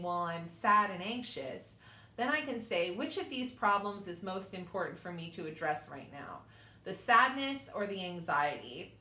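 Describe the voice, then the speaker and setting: A woman's voice: medium pitch, sharp tone, echoey room. A woman instructor giving an online class lecture from a small studio, talking informally with fillers, personal asides and little laughs.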